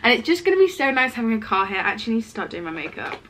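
A young woman in her twenties vlogs casually from her student flat, her voice sitting fairly high and her speech packed with "like" fillers. Her throat sounds a little rough from a cold coming on. A faint hum of room noise sits behind her. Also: rapid-fire. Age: 20s. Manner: chatty, lots of "like" fillers. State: slightly ill, throat rough. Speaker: vlogger. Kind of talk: casual vlog chat.

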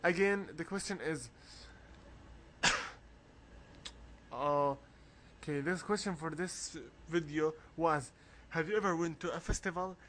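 Man, let's play commentary, unhurried drawl, slightly high voice, coughs a lot, faint hiss behind. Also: a bit bright. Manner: rambling, coughs often, reads game text aloud. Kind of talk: casual game walkthrough commentary.

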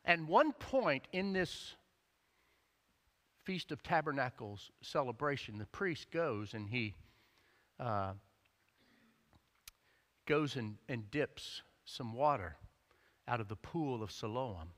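Animated pastor in a reverberant church. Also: male voice, mid-range voice, slow, pauses often. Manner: animated storyteller, acts out quotes, rises to near shouting. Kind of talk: sermon. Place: church sanctuary. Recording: long church-hall reverb.

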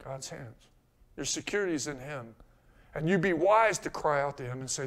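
A man with a high voice delivers a church sermon. He keeps asking his listeners questions and answering them himself. He drops to a hush, then climbs to loud, urgent calls. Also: lively intonation, normal speed. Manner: rhetorical questions, swings from soft to loud. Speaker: pastor.

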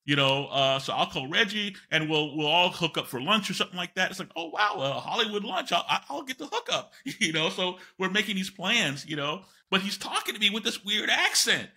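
A man's voice: sits high, expressive, fairly quick, hardly any pauses, sharp tone. An older man, a guest on an interview podcast, telling long rambling anecdotes full of fillers and restarts.

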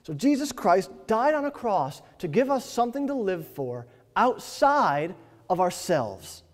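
High-pitched guy preaching, chatty storytelling sermon, big echoey church sound. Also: big pitch swings, measured pace. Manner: conversational storytelling with rising emphatic peaks. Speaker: pastor. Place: church sanctuary. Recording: long church reverb.

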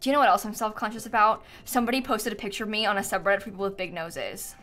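A woman's voice: mid-range voice, racing, a bit bright. A young woman hosting a gaming stream at home, chatting in a playful, dramatic, teasing way. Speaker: streamer host. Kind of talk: casual chat while gaming.

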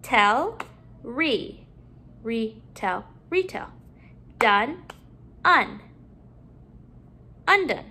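Slow, sing-song woman teaching phonics. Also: on the high side, very animated. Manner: slow, drawn-out modeling of words, bright sing-song emphasis. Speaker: home teacher. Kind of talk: phonics lesson for young children.

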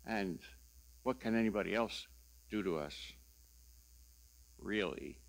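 An older man preaching a sermon as pastor, telling stories slowly and deliberately with a wry sense of humor. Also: on the low side, creaky.

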